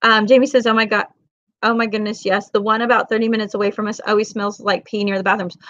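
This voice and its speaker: Speaking quickly in a mid-range voice, this livestreaming mom and vlogger tells meandering, lively stories peppered with Southern sayings and reads comments from viewers; the audio is dull, with no room sound.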